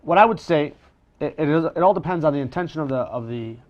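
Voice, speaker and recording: A man talks fast and loosely, jumping between thoughts with restarts and little jokes at his own expense. The sound is dull and slightly lo-fi, like a low-grade stream. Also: lively intonation. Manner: chatty, self-deprecating, many restarts. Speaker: professional magician guest. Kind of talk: casual conversational chat.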